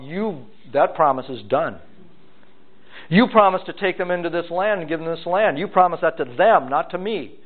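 A man teaching a Bible passage verse by verse, reading aloud and voicing its characters in an animated way, often repeating himself. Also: on the high side. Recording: tinny phone-like recording.

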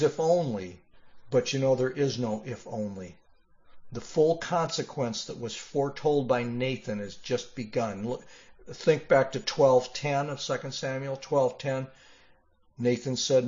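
A man preaching a sermon, reading scripture passages aloud with expressive emphasis and closing in a quiet prayer. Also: mid-range voice, muffled recording. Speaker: pastor.

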